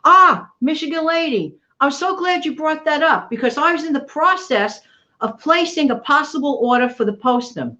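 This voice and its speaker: A woman hosts her own live channel from home in the New York area, reading a recipe and chatting with viewers, greeting them by name and often repeating herself. Her voice is high, bright and forceful, with lively intonation at a moderate pace. The livestream audio is dull and lo-fi.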